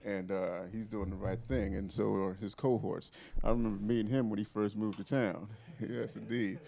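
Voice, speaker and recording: A man's voice: fairly low pitch, little pitch movement, moderate pace, gravelly, mellow. A man in his forties, a guest musician, chatting casually from the stage in a laid-back way, chuckling and loose with fillers. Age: 40s.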